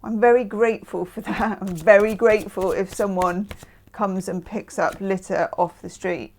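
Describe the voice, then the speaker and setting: A woman's voice: medium pitch, steady tone, moderate pace, gravelly, darkish tone. A woman from the UK hosting a casual tarot reading, chatting with self-mocking asides. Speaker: tarot reader.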